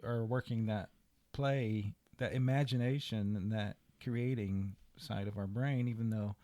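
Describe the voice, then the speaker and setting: A man, co-hosting a podcast, relaxed and reflective with easy laughs. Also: lowish voice, a little slow, no echo, clean studio sound. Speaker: podcast co-host. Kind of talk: casual chat.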